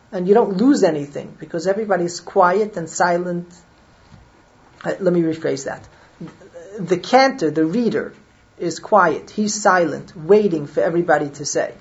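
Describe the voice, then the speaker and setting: A woman with a fairly low voice lectures on Jewish law, working through the logic aloud and pausing to check that her listeners follow. The recording is dull and lo-fi. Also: a little mellow.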